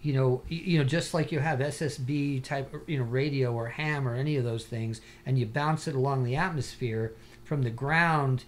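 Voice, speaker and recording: A man talking as an interview guest, a diver telling stories in an animated, rambling way with lots of "you know". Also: mid-range voice, normal speed, a little hiss or hum. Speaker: guest, scuba diver and paranormal investigator. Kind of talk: casual interview chat.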